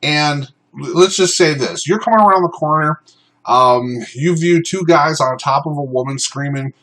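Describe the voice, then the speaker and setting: A man teaching self-defense law in an unscripted, informal way, often pausing on ums and uhs. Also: fairly high pitch, rough recording. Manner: informal, many ums and uhs, shouts out acted commands in examples. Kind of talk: unscripted explanatory talk.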